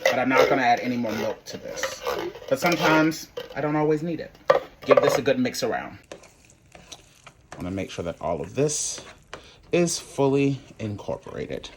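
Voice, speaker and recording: A man's voice: medium pitch, animated, normal speed, pauses often, very noisy. A man hosting a home cooking video, walking viewers through a recipe in a chatty, sassy way, calling them y'all and honey. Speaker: cooking channel host. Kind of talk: casual cooking tutorial.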